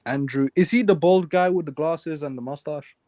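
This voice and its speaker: A man's voice: a little high, darkish tone, no echo. A man from England with an English accent, hosting a casual livestream chat and joking with his guest. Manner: joking, teasing, quick laughs. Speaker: livestream host.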